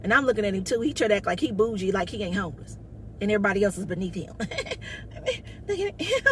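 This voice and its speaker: A woman comedian telling a story to her viewers in a sassy, loud, casual way. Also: mid-range voice, racing, slight background noise. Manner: sassy, loud, calls viewers baby and honey.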